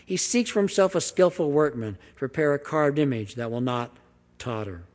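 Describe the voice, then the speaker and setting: A pastor delivers a sermon, reading scripture with sweeping emphasis and big swings in pitch and volume, then slipping into quiet, conversational asides to explain it. His intonation is lively and his pace moderate. A long hall reverb colors the recording.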